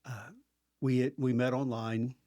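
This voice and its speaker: A man speaking as a guest in a casual conversation, telling his story in a measured way. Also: mid-range voice, level tone, warm tone, no room sound, studio quality.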